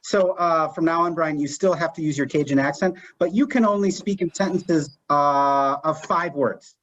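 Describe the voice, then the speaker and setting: A man hosting an improv game, giving rules with many pauses and fillers. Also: a little high, a bit bright. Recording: dull lo-fi stream audio.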